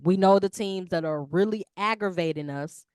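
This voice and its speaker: Woman co-host, animated casual sports talk, slangy, dry close sound. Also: fairly low pitch, moderate pace, smooth, dry recording. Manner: animated, slangy, lively talk about basketball. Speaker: podcast co-host.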